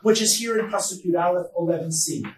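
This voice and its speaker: A rabbi giving a Bible lecture at a conference, emphatic, with loud stresses and quiet asides. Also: male voice, sits high, quick pace. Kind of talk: Torah lecture. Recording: echoey hall, distant mic, faint noise.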